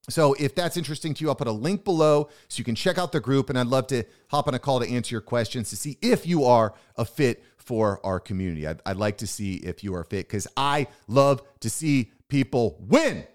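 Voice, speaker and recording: Podcast guy hyping up his listeners, pitch jumping all over, super emphatic. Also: expressive, brisk. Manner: pumped-up motivational, emphatic. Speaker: podcast host. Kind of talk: solo business podcast monologue.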